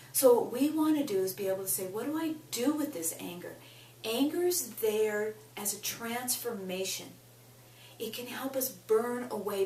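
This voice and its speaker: A woman's voice: a little high, darkish tone, far from the mic. A woman teaching a self-help lesson, speaking directly to the listener and leading tapping phrases aloud. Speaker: tapping coach. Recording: echoey room, voice a bit off-mic, faint hum.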